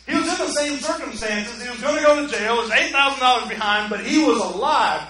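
A male preacher giving a sermon, telling a story dramatically and swinging from hushed to loud. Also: very high-pitched, expressive, quick pace, very echoey, rough recording.

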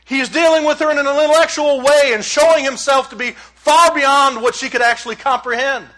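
Male pastor, sermon, conversational and emphatic, very high and bright voice. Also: fairly even intonation, brisk, low-quality recording. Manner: conversational, emphatic, rhetorical questions.

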